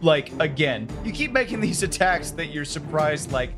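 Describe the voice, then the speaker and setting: A game master narrating a tabletop game in a relaxed, descriptive way, with frequent fillers. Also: mid-range voice, normal speed, music in the background.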